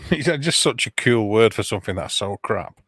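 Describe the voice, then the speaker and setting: A man's voice: on the low side, expressive, normal speed, fairly bright tone, slightly rough. A man co-hosting a casual live-stream chat, trading dry, teasing banter. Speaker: co-host of a live survival chat show.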